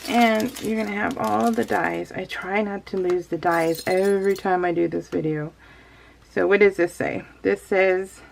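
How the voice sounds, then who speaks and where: A woman's voice: mid-range voice, gravelly, a little hiss or hum. A woman vlogger chatting casually and laughing at herself as she unboxes a craft kit. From California. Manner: chatty, giggly, talks to herself.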